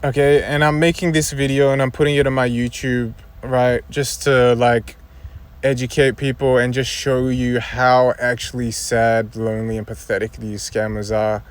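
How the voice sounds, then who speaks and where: A man's voice: mid-range voice, flat delivery, normal speed, clean tone. A young man ranting casually to his viewers, exasperated and rambling, repeating himself and swearing. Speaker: YouTuber. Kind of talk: casual rant to camera.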